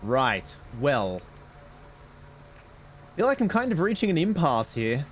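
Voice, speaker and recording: A man's voice: fairly high pitch, huge pitch swings, slow, slight background noise. Sarcastic male game streamer. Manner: sarcastic, jokey, muttering. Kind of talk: casual gameplay commentary.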